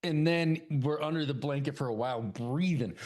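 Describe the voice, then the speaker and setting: A man's voice: fairly high pitch, moderate pace, a little mellow. A man co-hosting a casual podcast, eagerly retelling film scenes, swearing often and acting out characters' lines. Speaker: podcast co-host. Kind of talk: casual chat.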